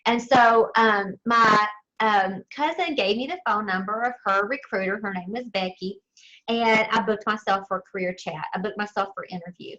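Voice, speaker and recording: A woman with a Southern US accent, a sales director telling her team her story in a chatty, expressive motivational talk. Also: mid-range voice, normal speed, highs cut off. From southern United States. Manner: chatty and expressive, addresses listeners as y'all.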